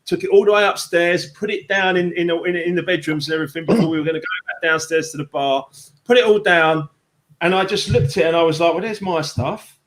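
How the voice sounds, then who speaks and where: Male host, high voice, animated storyteller who keeps restarting sentences. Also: fast. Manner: rambling, excitable, restarts sentences often. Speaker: book club host and author. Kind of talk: animated storytelling on a live stream.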